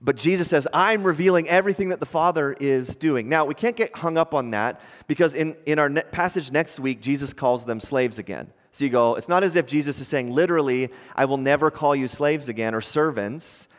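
A man preaching a sermon as a pastor, conversational and animated, often asking the congregation rhetorical questions. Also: a little high, brisk, few pauses, long reverb tail.

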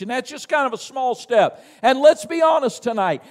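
A Southern American man preaches in a voice pitched unusually high, swinging between easy storytelling and near-shouted emphasis. He keeps calling the congregation to answer him. His voice rings through a church with a long, lingering reverb. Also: animated, moderate pace. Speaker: missionary preacher. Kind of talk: sermon. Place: church sanctuary.

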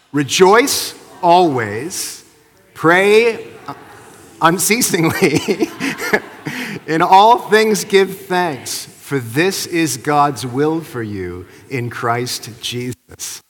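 A man's voice: on the high side, fairly bright tone, long reverb tail. A man preaching a sermon as pastor, conversational, asking the congregation questions. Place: church sanctuary.

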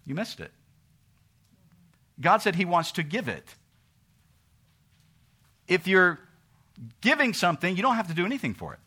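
A man preaching a sermon, asking rhetorical questions and swinging between loud emphasis and quiet asides. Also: sits high, sing-song, moderate pace, pauses often, slightly rough. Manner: asks rhetorical questions and acts out what people say to God.

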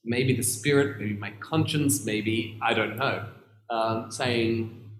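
A man preaching a sermon in a church, earnest and reflective, with long pauses and emphatic stresses. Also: mid-range voice. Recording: roomy echoey room.

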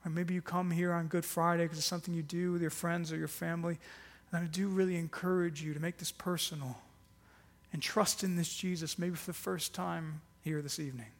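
A man preaching a Good Friday sermon as pastor, earnest and emphatic, pressing harder on key phrases. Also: fairly high pitch. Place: church hall. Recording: long reverb of a church hall.

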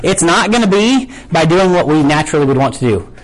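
Guy pastor giving a laid back sermon, kinda high voice, keeps saying right, talks like it's a chat with his church. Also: animated, a little fast, low-quality recording. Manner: chatty, asks "right?" often, loses his place and laughs it off. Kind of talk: casual conversational sermon.

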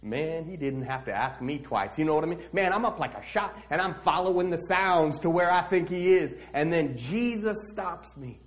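A man playing a streetwise blind beggar who tells his own story in a church monologue, slangy and animated. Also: fairly high pitch, moderate pace, few pauses, close to an everyday voice. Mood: excited. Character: streetwise blind male beggar, brash and eager. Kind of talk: dramatic monologue in a church service.

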